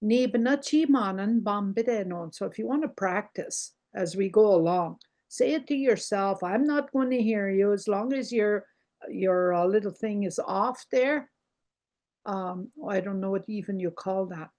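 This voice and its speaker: An older woman teaching a language lesson over a video call, slow and patient, repeating words for her learners. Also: medium pitch, a little mellow.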